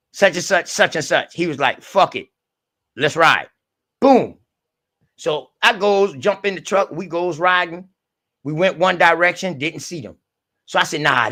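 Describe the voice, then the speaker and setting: A man's voice: fairly high pitch, unhurried, pushed and bright. A man hosting an online group call, telling a story in casual, profane street talk and acting out the voices of the people in it.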